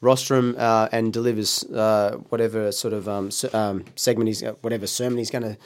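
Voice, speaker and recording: A man's voice: lowish voice, little pitch movement, a little fast, a little hiss or hum. A man co-hosting a casual podcast, rambling with lots of ums and restarts. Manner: rambling, many fillers and restarts, laughs often. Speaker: podcast co-host.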